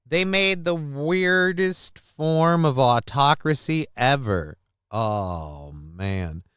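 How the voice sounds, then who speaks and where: A man's voice: mid-range voice, expressive, extremely slow, a bit bright, smooth, no echo, clean studio sound. A man hosting a casual live-streamed talk show, rambling, chatting with viewers and reading news, wiped out and fuzzy. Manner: rambling, chats with viewers, reads news aloud. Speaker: show host.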